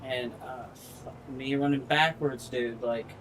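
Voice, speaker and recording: A man's voice: medium pitch, steady tone, background noise. A man narrating his own gameplay in casual commentary, frustrated and swearing freely as he talks himself through each step. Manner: frustrated, swears a lot, slow drawl. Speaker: gaming streamer.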